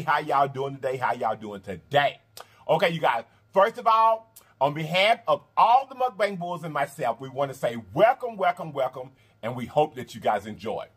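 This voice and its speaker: A man hosting a mukbang eating video in casual chat, animated and repetitive, calling his viewers y'all and honey. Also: a little high, slightly rough. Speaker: mukbang host. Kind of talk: casual eating vlog talk.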